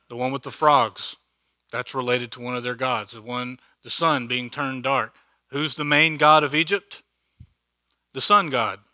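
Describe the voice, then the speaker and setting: A man leads an informal Bible study in a church meeting room, his voice very bright and forceful and close with almost no room sound. He talks in a chatty, animated way and plays out quoted lines with humor. He keeps checking in with his listeners as he goes. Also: mid-range voice, no room sound. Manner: acts out quoted speech with humor.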